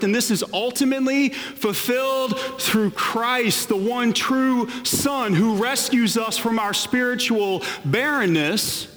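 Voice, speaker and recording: High-voiced male pastor preaching in a hall. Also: slow pace. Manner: animated preaching with playful asides. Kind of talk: sermon.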